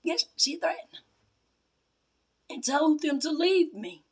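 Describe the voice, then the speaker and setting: A woman giving an emotional personal testimony aimed at her mother, confrontational and swinging between hushed whispers and a raised, accusing voice. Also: sits high, lively intonation, slow pace. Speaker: self-styled spiritual priestess.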